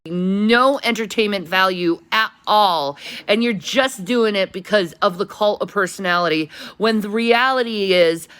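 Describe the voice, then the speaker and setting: A woman streamer in a played clip, lecturing in a halting way with repeated words. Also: medium pitch, a bit bright, clear, resonant tone. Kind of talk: lecturing argument.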